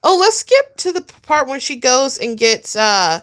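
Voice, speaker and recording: A woman's voice: high voice, sing-song, normal speed, a bit bright. A woman giving blunt, profane, mocking reaction commentary on a video. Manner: mocking, blunt, swears often.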